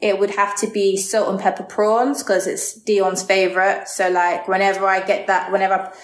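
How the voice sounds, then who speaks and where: A woman in her thirties from England, answering interview questions in a chatty, relaxed way with lots of "like". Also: mid-range voice, normal speed. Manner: chatty, lots of "like", laughs easily. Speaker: guest, model. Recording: roomy echo.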